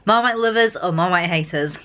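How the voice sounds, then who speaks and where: A woman's voice: fairly low pitch, a little fast. A woman from England chatting enthusiastically to the camera at home in a daily vlog. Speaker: vlogger. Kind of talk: casual vlog chat.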